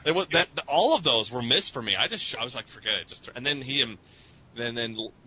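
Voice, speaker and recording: Rambling, swearing man with a bright voice. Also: expressive, fairly quick, slightly rough. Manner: rambling, profane, self-mocking, laughs often. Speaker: podcast interviewee. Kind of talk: casual chat. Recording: muffled lo-fi recording with faint rumble.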